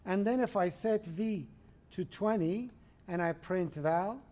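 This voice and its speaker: A man's voice: sits high, slow pace, dark tone. A man teaching a programming class in a conversational lecture style, often checking that students follow along. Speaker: programming instructor.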